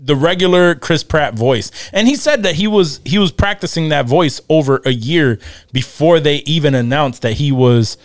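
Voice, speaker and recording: Podcast co-host, man, smooth clear voice, dry close sound, chatty and profane. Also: fairly high pitch, normal speed, no echo. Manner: loose and profane, laughs often, slips into goofy impressions. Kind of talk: casual chat.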